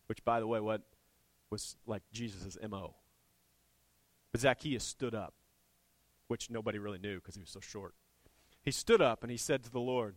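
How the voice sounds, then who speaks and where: A man preaching a sermon as a church pastor, storytelling with animated swings, climbing to fervent, near-shouted peaks. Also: mid-range voice, fairly quick, dry recording. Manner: animated, rising to impassioned shouting.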